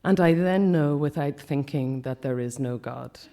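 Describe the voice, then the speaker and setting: A man reading a personal account aloud at a festival talk, quiet and measured, often dropping to a hush. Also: a little high. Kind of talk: reading a memoir piece aloud.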